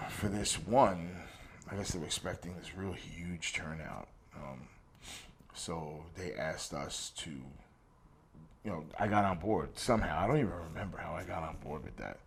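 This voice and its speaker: A man telling a long casual story as an interview guest, swearing freely and recounting old conversations. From New Jersey. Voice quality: deep and gravelly, swears freely. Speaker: interview guest, former wrestler. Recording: faint background noise.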